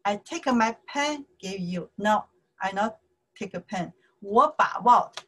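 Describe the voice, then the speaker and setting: A woman with a Chinese accent teaches an informal language lesson, going very slowly and circling back over each phrase. Her voice is a little husky and breathy, and she keeps checking in with the learner as she explains. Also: mid-range voice, expressive, a bit bright, low-quality recording. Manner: slow, repeats words, says okay often.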